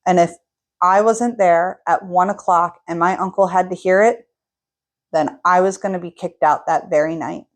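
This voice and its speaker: A young woman casually telling a personal story, getting animated as she recounts an argument. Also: on the low side, moderate pace.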